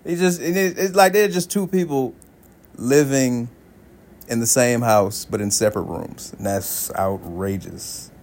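A man's voice: mid-range voice, a little slow, a little hiss or hum. A man, likely in his thirties, hosting a solo podcast, telling casual stories with lots of swearing and laughter. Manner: animated storytelling, swears freely, laughs often, voices friends in quotes. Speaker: podcast host.

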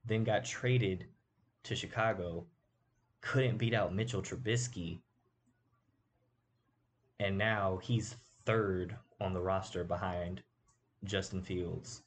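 A man with a deep, low voice gives casual football commentary as host of his show. He argues his points emphatically, throwing in rhetorical "right?" asides. A faint hiss sits under the recording.

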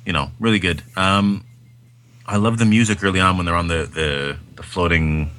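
A man with a low voice and a sharp tone co-hosts a podcast, talking about films at a moderate pace. His chat is casual, rambling and enthusiastic, packed with fillers.

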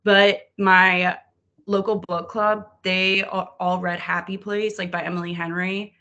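Animated, foul-mouthed woman from New Orleans. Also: lowish voice, measured pace, lo-fi sound. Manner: animated, swears freely, acts out her own reactions. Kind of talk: casual podcast chat.

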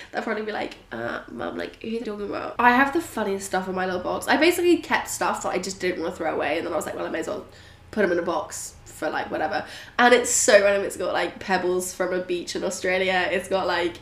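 A young woman from England, hosting a podcast, chatting and telling a story with lots of giggles and fillers. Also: on the low side. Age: young adult. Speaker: podcast host. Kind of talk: casual storytelling monologue.

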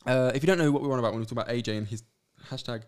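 A fast-talking man co-hosting a casual podcast. He jokes around with his co-host and reads listener questions aloud, rattling through them at a quick clip. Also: medium pitch, clean tone. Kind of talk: casual chat.

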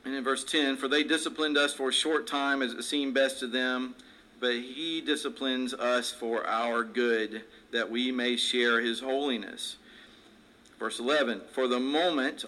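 A male pastor delivers a sermon in a bright, forceful voice. He reads scripture aloud and then slips into easy, conversational asides and small jokes, with the pitch of his voice in a middle range. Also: rough recording.

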